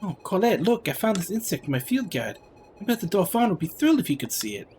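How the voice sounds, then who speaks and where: A man voicing an eager, excitable young boy page in a chirpy, raised voice. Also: high-pitched, quick pace, slight background noise, voice pushed up. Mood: excited.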